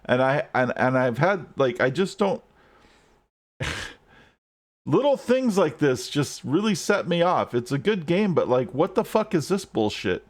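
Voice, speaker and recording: A man's voice: fairly high pitch, big pitch swings, measured pace. A man streaming gameplay live, ranting and swearing at the game as he plays. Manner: frustrated, swearing, rants at the game.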